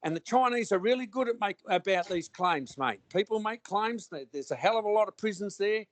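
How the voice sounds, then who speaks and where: Rambling Australian man, high-pitched voice. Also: expressive, a little fast, no room sound. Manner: rambling, blunt, with frequent restarts and slang. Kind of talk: casual conversation.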